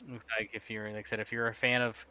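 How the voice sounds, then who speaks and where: A man's voice: lowish voice, flat delivery, fast talker, bright, forceful tone, clean tone, rough recording. A man co-hosting a casual live stream chat, rambling through game news with lots of fillers and laughs.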